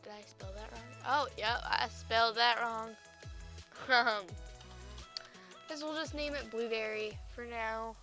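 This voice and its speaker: A young woman with a high voice chats through her gameplay video, easily excited and gushing. Faint music plays underneath. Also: measured pace. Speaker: gaming YouTuber. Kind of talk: casual gameplay commentary.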